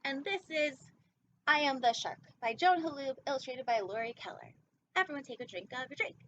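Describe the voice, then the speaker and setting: A woman's voice: sits high, expressive, brisk, a bit bright, slight background noise. A woman hosting a casual storytime, reading a picture book with goofy, rambling asides. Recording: dull lo-fi recording.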